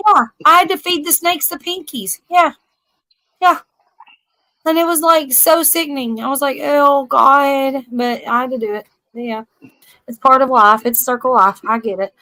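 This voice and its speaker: A woman's voice: high-pitched, normal speed, sharp tone, dry recording, low-quality recording. A woman, hosting a live stream and chatting casually, laughing often as she tells stories. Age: 40s. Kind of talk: casual chat.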